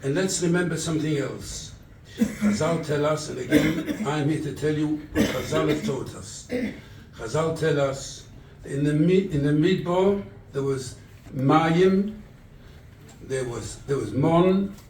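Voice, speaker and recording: A rabbi from England giving a sermon at a charity event, telling stories and acting out the dialogue. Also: male voice, on the high side, measured pace, darkish tone, slight background noise. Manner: storytelling, quotes scripture and acts out dialogue. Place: event hall. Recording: echoey room, distant mic.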